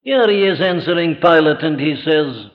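A man preaching a sermon with emphatic delivery, firing rhetorical questions and slowing right down on key phrases. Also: a little high, lively intonation. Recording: dull lo-fi recording.

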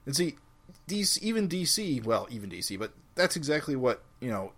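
A man co-hosting a comic book podcast, explaining his views in a measured, casual way. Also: medium pitch, sing-song, fairly bright tone. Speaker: podcast co-host.

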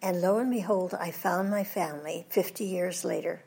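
A woman's voice: fairly low pitch, moderate pace, vocal fry, warm tone, slightly rough. An older woman, a voice actress, telling anecdotes in an interview and putting on British voices for jokes. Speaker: voice actress guest. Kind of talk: storytelling interview.

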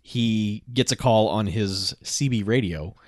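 A man's voice: lowish voice, a little slow, no room sound, clean studio sound. A man casually recapping a movie with a friend, joking and acting out the characters in silly voices. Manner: jokey, acts out characters in silly voices, laughs often. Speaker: podcast co-host.

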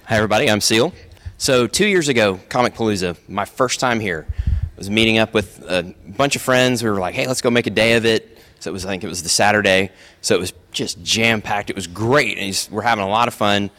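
A man's voice: fairly low pitch, a little fast. A man attending a convention, telling a story casually and acting out the quotes. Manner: animated, acts out quotes.

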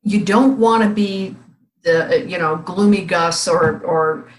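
A woman's voice: on the low side, a little slow. Woman in her sixties co-hosting, from california, laughs a lot, echoey room sound. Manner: warm-humored, laughs easily, reflective. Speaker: co-host. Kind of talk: casual chat.

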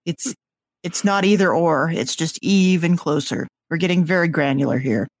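A podcast co-host in casual chat, speaking in a measured, dry and wry way. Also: mid-range voice, no room sound.

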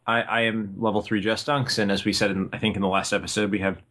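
A man co-hosting a podcast in casual chat, halting and wry, tripping over his words. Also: on the low side, level tone, fairly bright tone. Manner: halting, many fillers and restarts, wry. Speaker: podcast co-host.

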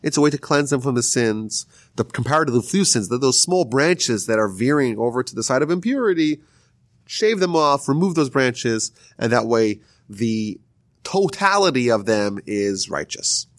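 A man teaching a Talmud lesson, retelling the sages' story in a lively, storytelling way. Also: moderate pace, dry recording, studio quality. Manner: lively storytelling, rises high when telling the story. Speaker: Torah teacher. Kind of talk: explaining Talmud stories.

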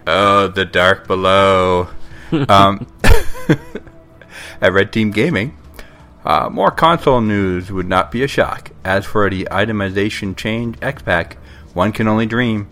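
A man's voice: lowish voice, animated, a little slow, a bit bright. A man co-hosting a gaming podcast, reading tweets in playful casual chat. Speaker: podcast co-host.

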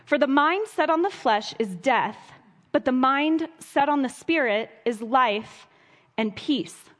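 High-voiced woman preaching in a reverberant hall. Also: lively intonation, slow. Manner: earnest, storytelling with wry asides. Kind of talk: sermon.

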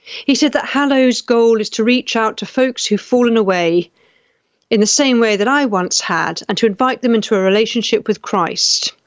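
A woman's voice: on the high side, no echo. Indignant woman host, dull lo-fi sound. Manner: indignant, halting with frequent restarts. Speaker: talk show host reading live comments. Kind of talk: casual live-stream commentary.

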